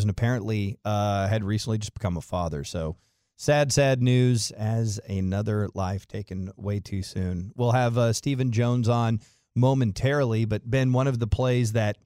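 A man hosting a sports talk radio show, moving briskly from topic to topic and introducing a guest. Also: mid-range voice, a little mellow, no echo, studio quality. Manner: brisk, smooth segment transitions. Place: radio studio.

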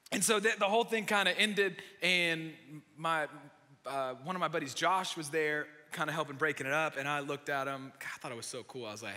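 Animated young preacher in a big reverberant hall. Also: male voice, a little high, fairly quick. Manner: animated storytelling, self-mocking humor. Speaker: pastor. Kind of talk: sermon.

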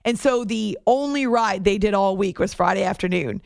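A woman radio host telling a story in a chatty, animated way, laughing easily. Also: mid-range voice, normal speed, vocal fry, no room sound, studio quality. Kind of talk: casual storytelling on a radio show.

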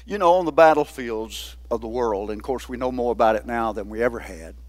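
A man's voice: medium pitch, brisk, darkish tone. A man preaching a sermon in a folksy, conversational way, often putting questions to the congregation. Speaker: pastor.

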